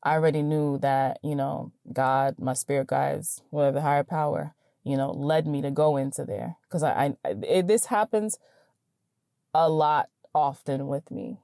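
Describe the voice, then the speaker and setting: A woman hosting a podcast, telling a personal story in a chatty, animated way with lots of fillers and quick "right?" checks. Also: deep voice, vocal fry, dry recording, studio quality. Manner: animated, chatty, many fillers and tag questions. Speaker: podcast host. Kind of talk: casual storytelling.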